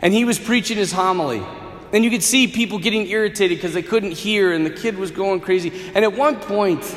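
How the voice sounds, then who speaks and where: A man preaching a sermon in an animated, earnest way, with touches of wry humor. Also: sits high, fairly quick. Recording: echoey hall with long reverb.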